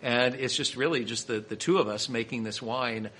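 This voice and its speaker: A man from Kansas City tells stories as a podcast guest, chatty and full of restarts. His voice is bright and forceful at a middling pitch. A faint noise sits under the recording. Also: normal speed. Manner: chatty storyteller with frequent restarts. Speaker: podcast guest, winery owner and master sommelier. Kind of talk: casual storytelling interview.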